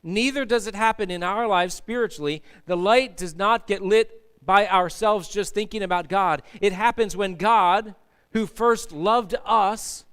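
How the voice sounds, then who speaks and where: Preaching from the pulpit of a church sanctuary, this male pastor speaks emphatically and calls on the congregation to respond. His high-pitched voice is smooth and fairly bright, and his pace stays measured.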